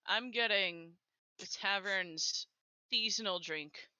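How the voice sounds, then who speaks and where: A woman's voice: medium pitch, takes it slowly, sharp tone, clean tone, no room sound. A young woman playing a tabletop game, crude and playful in casual chat. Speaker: player.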